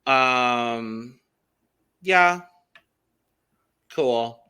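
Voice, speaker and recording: A man's voice: medium pitch, drawn-out words, sharp tone, smooth. A man co-hosting a casual podcast, chatty and upbeat, with frequent ums. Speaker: podcast co-host.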